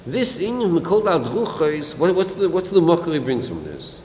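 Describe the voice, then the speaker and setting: This Torah teacher speaks at normal speed in a sing-song, somewhat high voice with a darkish tone. Leading a Talmudic-style lesson in a study hall, he quizzes his students and sprinkles in Yiddish and Hebrew terms. The recording carries room echo and a faint air-conditioning hum.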